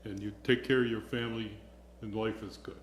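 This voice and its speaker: A man's voice: on the low side, steady tone, fairly quick. A man chairing a village board meeting, speaking formally and graciously. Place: council chamber. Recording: roomy chamber audio, faint hum.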